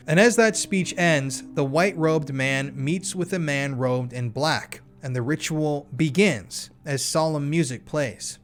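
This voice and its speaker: Brief: casual, blunt man narrating a documentary, faint music behind. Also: medium pitch.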